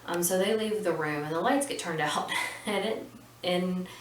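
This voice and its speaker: A woman's voice: fairly low pitch, moderate pace. A woman hosting a casual movie recap, chatty and rambling, with opinionated asides. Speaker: podcast host recapping a film. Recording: roomy and distant with faint noise.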